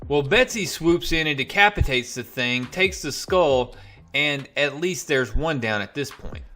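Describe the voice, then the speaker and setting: A man's voice: on the high side, animated, measured pace, sharp tone, faint music behind. A man casually retelling a comic issue in a loose, chatty way with plenty of fillers and asides. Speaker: comic book reviewer. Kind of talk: casual spoken recap.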